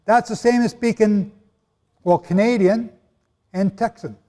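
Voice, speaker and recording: A man preaching a sermon in a hall with an audience, animated and conversational, with asides to his listeners. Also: high-pitched, unhurried. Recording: long hall reverb.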